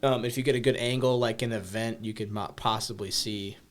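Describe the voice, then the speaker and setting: A man with a low voice explains things on a casual podcast. His delivery is loose and chatty, with many fillers and casual swearing. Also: fairly even intonation, a little fast, slight background noise. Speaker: podcast co-host.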